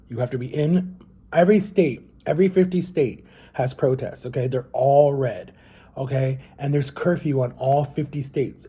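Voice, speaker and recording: Husky, mellow-voiced young man vlogging. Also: mid-range voice, moderate pace. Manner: earnest and rambling, with many restarts. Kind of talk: casual talk to camera.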